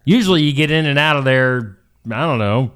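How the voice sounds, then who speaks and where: A man's voice: medium pitch, expressive, fairly quick, fairly bright tone, slight background noise. A man co-hosting a local morning show, chatting casually in an upbeat, joking, rambling way. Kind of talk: casual chat.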